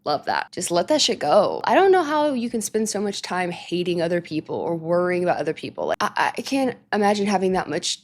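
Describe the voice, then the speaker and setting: Chatty, animated woman reacting to music. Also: fairly low pitch, brisk, few pauses. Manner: animated, chatty, laughs often; drops to soft baby talk with her cat. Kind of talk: casual chat.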